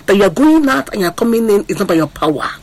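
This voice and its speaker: Racing along in a very animated mid-range voice, a preacher delivers a sermon, repeating refrains in a sing-song, impassioned way and asking listeners whether they're hearing him. The recording is rough.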